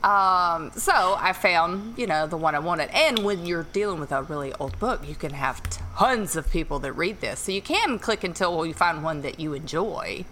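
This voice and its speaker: Woman co-host, slightly low voice, bright and lively delivery, animated storyteller, faint hiss behind. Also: moderate pace, hardly any pauses. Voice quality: a little low, nice voice quality. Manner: animated storyteller, laughs often. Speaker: podcast co-host. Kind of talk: casual chat.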